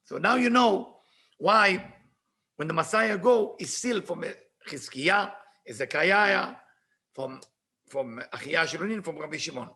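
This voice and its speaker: A man teaching Kabbalah, retelling a story with lively swings between shouting and near-whispers, reading passages aloud in fast Hebrew and then translating them. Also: gravelly. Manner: animated, bursts into shouting at dramatic moments, then drops low.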